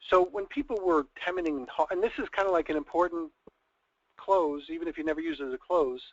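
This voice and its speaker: On dull, dry, lo-fi call audio with no echo, a male network marketing trainer speaks briskly in a slightly high voice. He keeps the sales training conversational and chatty, performing small scenarios with a lot of drama.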